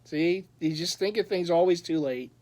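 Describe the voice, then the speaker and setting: A collector vlogger with a fairly high, slightly mellow voice talks at a normal speed. He chats casually, telling a rambling story full of laughs and restarts.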